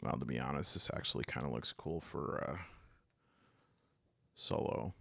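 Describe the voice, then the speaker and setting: A man casually unboxing tabletop games, animated and exasperated, rambling with many restarts. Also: extremely low pitch, normal speed, gravelly, no echo. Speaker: tabletop game reviewer.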